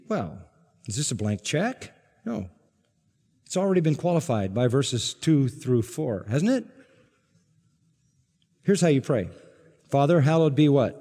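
A man preaching an expository sermon to a congregation, emphatic and climbing to forceful peaks on key words. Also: a little high, expressive, measured pace, long pauses. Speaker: pastor. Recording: long hall reverb.

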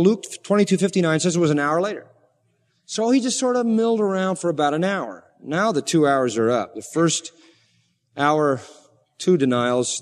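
A man's voice: on the high side, darkish tone. Guy pastor preaching, earnest, gets fired up, long echo like a big church. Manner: earnest preaching, rising to fervent emphasis. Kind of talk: sermon.

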